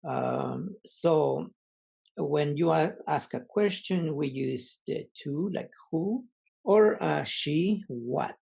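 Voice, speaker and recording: A male teacher leads an online language lesson at a slow, unhurried pace. His voice is heavily gravelly and husky. He reads words aloud one at a time and pauses often with fillers. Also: fairly high pitch, a little mellow, rough recording. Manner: reads word lists aloud for repetition.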